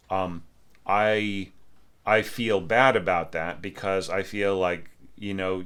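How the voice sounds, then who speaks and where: A man's voice: deep voice, sharp tone. A man reviewing a student's orchestration score in a casual, conversational way, full of fillers and restarts. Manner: hums musical lines aloud. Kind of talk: casual spoken critique.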